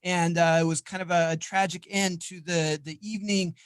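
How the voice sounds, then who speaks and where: Middle-aged guy hosting a panel, high voice, upbeat, dry close sound. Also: level tone, normal speed, clean tone, dry recording. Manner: upbeat, encouraging. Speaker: panel host. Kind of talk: moderating a panel discussion.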